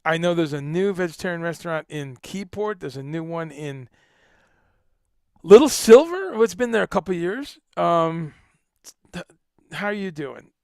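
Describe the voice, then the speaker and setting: Joking guy hosting a livestream, gravelly voice sitting a bit high, totally dry close sound, cusses casually. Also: moderate pace, no echo. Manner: animated, joking, swears casually. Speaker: livestream host.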